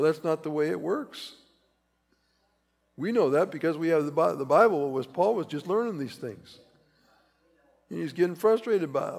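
A man's voice: a little high, gravelly, darkish tone. A man preaching a conversational sermon, rambling and repeating himself, pressing key phrases with rising emphasis. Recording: reverberant hall.

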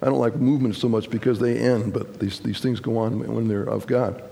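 A man preaching a sermon as pastor, talking in a folksy, halting way with fillers and restarts, to a congregation. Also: mid-range voice, steady tone, vocal fry, dark tone. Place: church sanctuary. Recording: long church hall reverb with congregation.

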